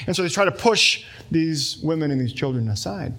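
A man's voice: medium pitch, expressive, brisk, a bit bright. A man in his thirties preaching a sermon as a pastor, talking conversationally and explaining with everyday examples.

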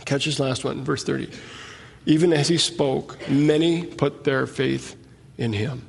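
A man's voice: mid-range voice, fairly even intonation, measured pace, creaky, slightly rough. A man teaching a sermon, reading scripture aloud and explaining it in plain conversational asides. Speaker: preacher. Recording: echoey hall with long reverb.

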